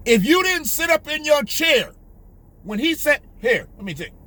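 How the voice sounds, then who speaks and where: A man's voice: extremely high pitch, sing-song, moderate pace, pushed and bright. A male host ranting in heated, profane, emphatic political commentary, repeating his points.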